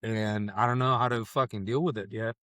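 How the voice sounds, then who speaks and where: A man's voice: fairly low pitch, fairly even intonation, brisk, fairly bright tone, dry recording, studio quality. Middle-aged man, profane and grieving. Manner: profane, rambling, shifting between eating noises and sad confession. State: grieving, close to tears. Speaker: food vlogger and comedian. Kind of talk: casual food review vlog. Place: on camera at a taco restaurant.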